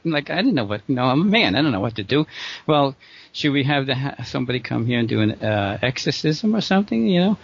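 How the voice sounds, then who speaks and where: A man's voice: medium pitch, sing-song, a little fast, gravelly, no room sound, dull audio. A middle-aged man rambling through a true story in casual conversation, with lots of restarts and short laughs. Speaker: guest telling a true story.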